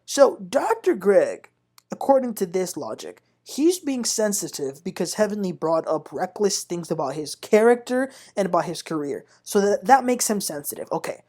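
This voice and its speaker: A woman hosting a casual reality TV recap, talking in an animated, indignant way and addressing viewers as "y'all.". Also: mid-range voice, normal speed. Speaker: TV recap host.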